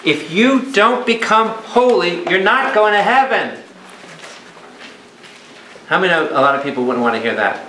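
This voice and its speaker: A man's voice: high voice, lively intonation, normal speed, long pauses, sharp tone, a little hiss or hum. A man, a priest leading a Bible study for a live group, who speaks emphatically and keeps firing questions at his listeners. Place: a meeting room or church hall with a live audience. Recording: echoey room.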